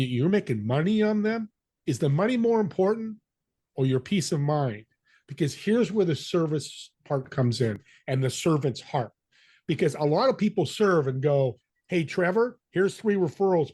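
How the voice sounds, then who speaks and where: Older man, husky and slightly high-pitched, animated interview guest. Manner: energetic storyteller, acts out quoted voices. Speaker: podcast guest. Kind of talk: conversational interview.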